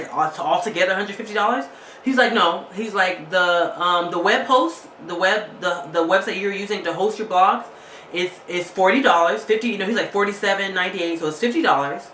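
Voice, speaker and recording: A woman vlogger with a lowish but fairly bright voice tells a story casually, sounding angry and fed up. She retells a phone call with lots of quoted back-and-forth, recorded in an echoey room with slight background noise.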